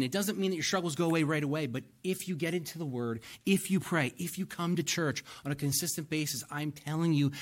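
A man preaching a sermon as pastor, earnest and pleading, repeating lines for emphasis and getting emotional. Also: a little high.

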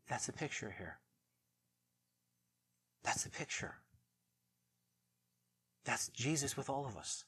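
Animated middle-aged male pastor preaching. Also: mid-range voice, slow, long pauses, a little hiss or hum. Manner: animated, swings from loud to hushed. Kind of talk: sermon.

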